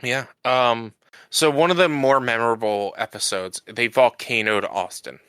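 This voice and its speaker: A man co-hosting a casual podcast, recapping a show in a rambling way full of fillers and restarts. His voice is bright and crisp, recorded close and dry. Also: mid-range voice, unhurried, dry recording. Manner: rambling recap with many fillers and restarts, acting out quoted lines. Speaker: podcast co-host. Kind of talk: casual chat.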